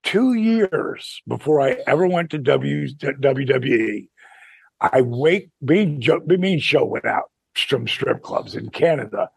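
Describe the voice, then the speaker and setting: An older man with a gravelly, husky voice spins loose, animated stories on a podcast. He swears freely and slips into quick impressions of the people in his tales. The sound is dry and close, with no room around him. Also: mid-range voice, dry recording. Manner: animated, profane, acts out quoted voices. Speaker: podcast host telling wrestling stories. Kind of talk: casual storytelling chat.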